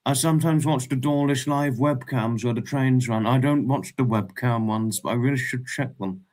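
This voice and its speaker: A man's voice: medium pitch, normal speed, few pauses, darkish tone. A man hosting a casual livestream, reading chat messages aloud and reacting with frequent laughs.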